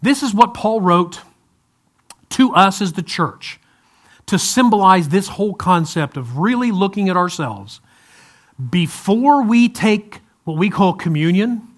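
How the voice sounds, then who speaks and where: A pastor with a fairly high voice delivers a sermon to his congregation, which is also streamed to viewers at home. He speaks loosely and conversationally, adding light humor and frequently restarting his sentences.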